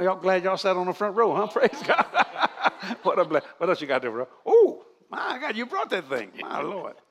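A man's voice: fairly high pitch, fairly bright tone. An older man preaching to a congregation, joking and laughing as he goes. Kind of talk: church sermon.

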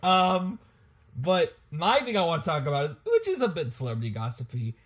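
A young man co-hosts a casual podcast, his voice sitting a little high for a man. He jokes and laughs often, bouncing through the chat with animated energy. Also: a little fast. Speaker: podcast co-host.

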